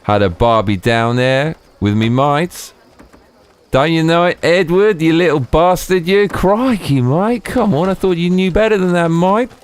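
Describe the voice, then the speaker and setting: A game streamer putting on a loud, cheeky Australian bloke voice that tacks "mate" onto every phrase. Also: male voice, on the high side, measured pace, smooth, voice pushed up, close to an everyday voice. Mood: cheeky, boisterous. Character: boisterous, exaggerated Aussie bloke, adult man.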